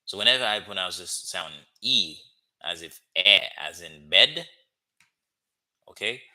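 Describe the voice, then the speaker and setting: A man teaching a language lesson, drilling phrases slowly with many "okay?" check-ins. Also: low-pitched, expressive, pushed and bright. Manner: slow, repetitive drilling with frequent "okay?" checks. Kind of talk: classroom-style language lesson.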